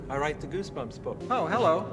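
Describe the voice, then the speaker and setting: A man doing an impression of a monotone middle-aged male horror author, repeating a flat, stiff greeting. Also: fairly high pitch, brisk, music in the background, voice pushed up, natural voice.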